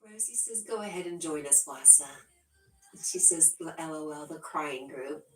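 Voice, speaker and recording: Low voiced woman on a livestream reading out chat, giggles a lot, sounds kinda far off. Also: expressive, moderate pace. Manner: giggly, laughs often between remarks. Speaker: livestream host. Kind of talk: casual livestream chat, reading viewer comments aloud. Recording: roomy echo, distant from the mic.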